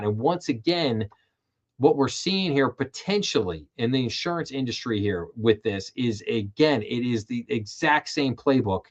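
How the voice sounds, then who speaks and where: A man's voice: medium pitch, highs cut off. A man hosting a livestream, reading banking headlines aloud and adding casual commentary with frequent fillers. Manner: casual, reads headlines then riffs with fillers. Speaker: show host. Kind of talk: livestream financial news commentary.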